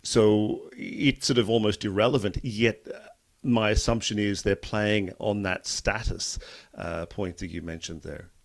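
Low-voiced man interviewing. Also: steady tone, measured pace, creaky. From Ireland. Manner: thoughtful, repeats words while forming questions. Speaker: interviewer host. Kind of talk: interview questions.

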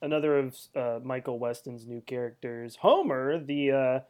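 A man's voice: medium pitch, lively intonation, normal speed, darkish tone. A man co-hosting a podcast, making wry jokes while chatting about a TV episode. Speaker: podcast co-host. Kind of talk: casual TV recap chat.

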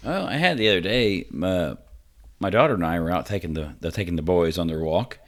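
Animated, exasperated podcast guy. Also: fairly quick. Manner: animated, voice jumps high when exasperated. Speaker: podcast co-host. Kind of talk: casual chat.

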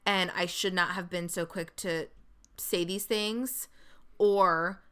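A woman's voice: fairly low pitch, steady tone, slow pace, fairly bright tone, clean tone. A young woman co-hosting a casual chat, talking things through bluntly and sarcastically. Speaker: podcast co-host.

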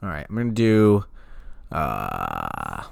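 An excitable man co-hosting a casual podcast, his voice swinging up and down as he swears and laughs. He sounds close and dry, with no room around him. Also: very deep voice, takes it slowly, gravelly, no echo. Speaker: podcast co-host. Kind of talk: casual chat.

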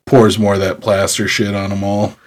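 A man co-hosting a podcast, joking in a relaxed way with lots of "like" and "I mean". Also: fairly low pitch, moderate pace, a little hiss or hum. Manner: relaxed, filler-heavy joking. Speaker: podcast co-host. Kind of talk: casual chat.

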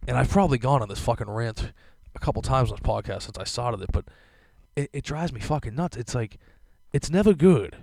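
A man's voice: mid-range voice, animated, brisk, gravelly, a little mellow, dry recording. A young man hosting a podcast, ranting casually with lots of fillers and swearing. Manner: profane, rambling, filler-heavy. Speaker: podcast host. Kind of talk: casual rant.

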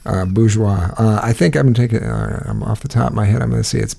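A man's voice: on the low side, animated, very fast, creaky, few pauses, mellow, breathy edge. A man co-hosting a podcast, chatting casually and telling a rambling story full of fillers and restarts. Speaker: podcast co-host. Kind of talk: casual chat.

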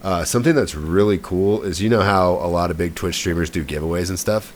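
A man's voice: sits low, a little fast. A man co-hosting a podcast, chatting casually about gaming news and often trailing off mid-thought. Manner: conversational, trails off and restarts. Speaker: podcast co-host.

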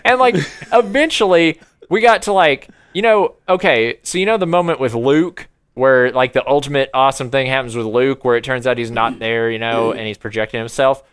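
A young man in casual chat, telling a story in an animated way and laughing often. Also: mid-range voice, a little fast, few pauses, smooth.

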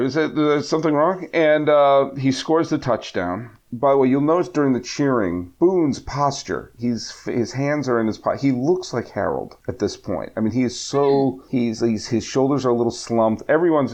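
A man's voice: mid-range voice, a little mellow. A man chatting casually about films, recounting scenes with many restarts. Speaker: podcast guest film commentator. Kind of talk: casual film commentary chat.

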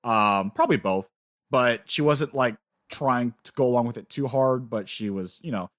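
A man co-hosting a casual podcast, excitedly recapping story events, swearing freely and acting out lines. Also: mid-range voice, normal speed, dry recording, clean studio sound. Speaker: podcast co-host. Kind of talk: casual anime recap chat.

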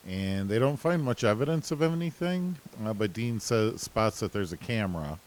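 A man's voice: fairly low pitch, expressive, normal speed, darkish tone, poor audio. A man co-hosting a casual recap chat, laid-back and hesitant, with many fillers. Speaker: podcast co-host.

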